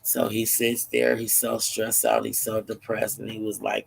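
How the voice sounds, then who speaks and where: Gravelly man telling a story. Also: lowish voice, normal speed, few pauses, a little hiss or hum. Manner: animated, acts out each character's lines. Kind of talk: casual storytelling with acted voices.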